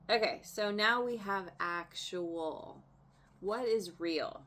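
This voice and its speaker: A woman's voice: medium pitch, slow, a bit bright, slight background noise. A woman doing a casual tarot reading, chatty and laughing often, trailing off and restarting her sentences as she turns cards. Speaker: tarot reader.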